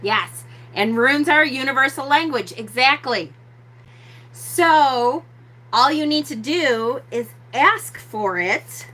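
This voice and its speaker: A woman hosting a live stream, teaching and answering chat comments, speaking slowly and repeating key words for emphasis. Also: high-pitched, animated, sharp tone. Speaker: host of a witchcraft channel.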